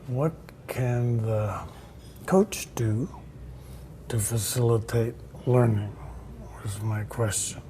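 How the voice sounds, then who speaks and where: A man's voice: on the low side, dark tone, slight background noise. An older man, a tennis coach and interview guest, telling stories in conversation and acting out the people in them. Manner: reflective, acts out the people in his anecdotes. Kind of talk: storytelling in a conversation.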